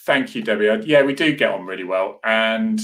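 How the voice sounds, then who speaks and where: This live chat host's fairly low, fairly bright voice moves quite quickly. He rambles earnestly through viewer comments, restarting often and dropping asides to viewers.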